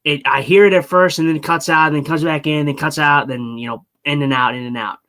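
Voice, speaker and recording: Hesitant, bright-voiced male co-host. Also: steady tone, fast talker. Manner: hesitant, many restarts, low-key. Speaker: podcast co-host. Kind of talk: live fan reaction stream. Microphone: remote stream mic.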